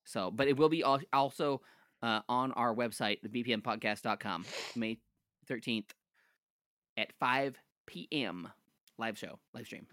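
A man's voice: mid-range voice, a little slow, a bit bright, no room sound, clean studio sound. A man co-hosting a casual podcast, joking around and trailing off mid-thought. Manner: loose, joking, trails off and restarts. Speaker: podcast co-host. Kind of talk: casual chat over drinks.

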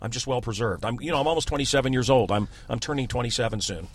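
A man's voice: medium pitch, rapid-fire. A man, a radio host in casual chat, ranting and sarcastic. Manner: ranting, sarcastic, mocking voices.

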